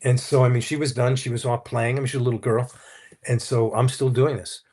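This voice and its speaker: Husky-voiced man telling his testimony. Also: medium pitch, flat delivery, a little fast, darkish tone. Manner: earnest, anecdotal, quotes others as he tells the story. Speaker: Christian counselor and potter, interview guest. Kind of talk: conversational testimony storytelling.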